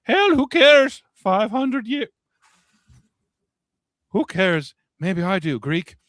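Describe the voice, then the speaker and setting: An uneasy, brooding man, as a man puts him on, talking in an Irish lilt. He sounds worked-up and rambling, his high voice leaping about. The sound is dry and close. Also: big pitch swings, drawn-out words, fairly bright tone, no room sound, full character voice. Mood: agitated.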